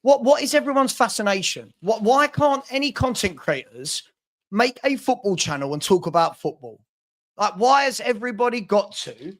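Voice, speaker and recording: Here the football stream host's voice is high and sing-song at a moderate pace. He talks casually but in exasperated bursts, with lots of repeated phrases and stumbling restarts.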